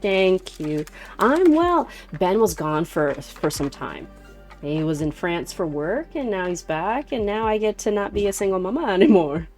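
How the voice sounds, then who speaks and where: A woman's voice: fairly low pitch, big pitch swings, measured pace, darkish tone, faint music behind. A woman in her thirties chatting casually on a live stream while doing a card reading, greeting viewers by name and laughing often.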